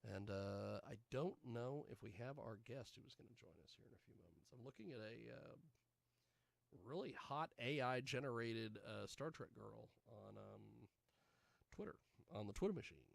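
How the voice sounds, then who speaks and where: Gravelly-voiced man hosting a rambling show. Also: mid-range voice, normal speed, no echo. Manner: rambling, jokey asides to himself. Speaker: radio show host. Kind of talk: casual live show chat.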